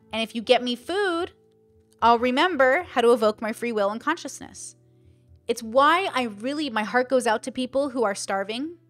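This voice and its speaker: A woman creator in casual livestream chat, thinking aloud with lots of fillers and acting out the voices she quotes. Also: fairly high pitch. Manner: animated, acts out quoted voices. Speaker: online content creator.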